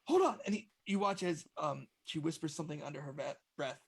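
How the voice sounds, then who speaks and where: A male game master narrates a tabletop game in a relaxed, descriptive way, with a slightly raised voice that turns gravelly. He pauses on fillers as he describes each scene. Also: a little high.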